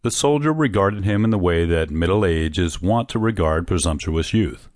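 A man with a deep, low voice reads a classic short story in measured, steady narration. The recording is dry and close, with no room sound. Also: no echo. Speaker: audiobook narrator. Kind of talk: scripted narration.

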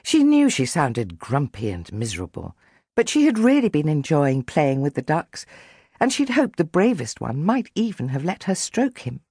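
Lively woman reading a children's story. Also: low voice, moderate pace, breathy edge, no echo, studio quality. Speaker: audiobook narrator. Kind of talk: expressive children's audiobook narration.

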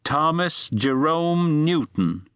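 A man's voice: a little high, very animated, slow, a bit bright, clean tone, no echo, lo-fi sound, voice pushed up, exaggerated voice. A man voicing a suspicious middle-aged shopkeeper who asks blunt, wary questions. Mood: curious.

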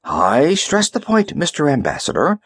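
Male narrator as a nervy, fawning underling diplomat, pitched up, dry close sound. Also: wildly swooping pitch, normal speed, fairly bright tone, slightly rough, no room sound, full character voice. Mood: flustered. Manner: flustered, eager to please.

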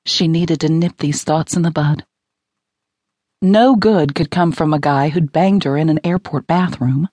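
Female romance audiobook narrator, low pitch, dry studio sound. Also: unhurried, warm tone, no echo.

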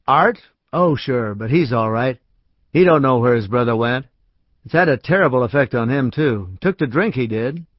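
A man's voice: medium pitch, expressive, moderate pace, no room sound, close to an everyday voice. A man voicing a chatty, folksy small-town businessman with a homespun way of talking, raised above his narrating voice. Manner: homespun folksy drawl with dropped grammar. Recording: dry, slightly dull audiobook recording.

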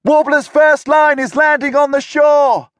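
A man's voice: on the low side, animated, normal speed, vocal fry, darkish tone, breathy edge, no room sound, full character voice. A man voicing an earnest, protective young male leader in an audiobook, speaking urgently. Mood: shouting.

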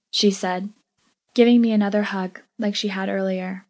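A woman reading a first-person story aloud as an audiobook narrator, in a steady, even way. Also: medium pitch, normal speed.

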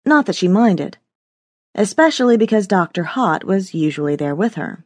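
A woman narrating a novel in a measured, expressive scripted reading. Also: mid-range voice, dry recording. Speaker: audiobook narrator.

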